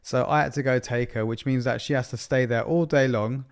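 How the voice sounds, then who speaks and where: Brief: dad co-host, thirties, gravelly voice, warm sentimental storyteller in a casual chat. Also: male voice, medium pitch, fairly even intonation, a little fast. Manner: sentimental, laughs through stories. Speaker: podcast co-host.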